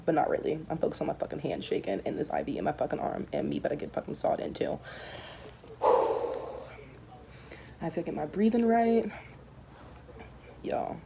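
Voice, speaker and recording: A young woman with a slightly low voice vlogs straight into her phone. She rambles candidly and swears freely. Faint noise hums under her voice. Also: vocal fry, warm tone. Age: young adult. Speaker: vlogger. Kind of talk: casual handheld vlog to camera. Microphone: handheld phone camera.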